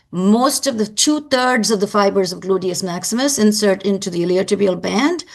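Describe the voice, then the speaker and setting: A woman lecturing on anatomy with a middle-pitched voice carrying a gravelly, creaky texture. She explains patiently and in detail, circling back to stress the points students must remember. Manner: explanatory, repeats key points for emphasis.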